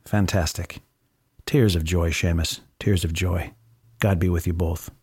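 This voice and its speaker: A man's voice: low-pitched, fairly even intonation, unhurried, slightly rough, no room sound, studio quality, full character voice. A man voicing a chatty, kindly old Irish priest with a lilting brogue. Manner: warm, lilting blessing.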